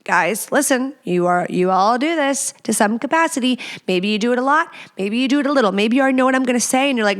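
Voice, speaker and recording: A woman hosting a casual podcast, chatty and playful, dropping into quick whispered asides. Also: fairly high pitch. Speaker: podcast host.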